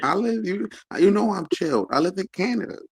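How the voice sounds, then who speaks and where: A man's voice: high-pitched, expressive, brisk, slightly rough, dry recording. A man calling in as a guest on a casual chat, playful and jokey. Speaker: guest caller on a chat panel.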